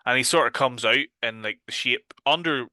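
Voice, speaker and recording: A man's voice: mid-range voice, moderate pace, bright, forceful tone, no echo, clean studio sound. A man with a Northern Irish accent, co-hosting a casual horror podcast chat, swearing freely and loosely. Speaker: podcast co-host.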